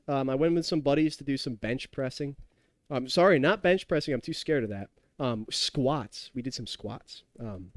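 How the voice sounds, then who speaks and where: Tipsy and gaming live, a young adult man rambles through stories for his chat, laughing and reading their messages in casual conversation. His fairly high voice has a darkish tone, captured dry and clean as in a studio.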